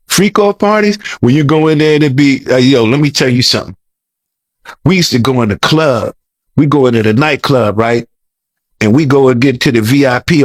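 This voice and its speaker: A man's voice: mid-range voice, dry recording. Interview guest, male, rambling slangy storyteller with a mid-range voice, dry sound. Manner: rambling, repeats words, loose slangy talk. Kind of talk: casual storytelling.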